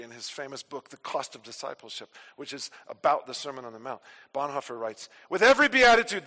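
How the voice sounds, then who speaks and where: A man preaching with a high, bright voice that rings out in a long church reverb. He drives his points home with force, then sinks into hushed, low asides to the congregation. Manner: emphatic, dropping to quiet asides. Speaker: pastor. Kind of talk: sermon. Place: church sanctuary.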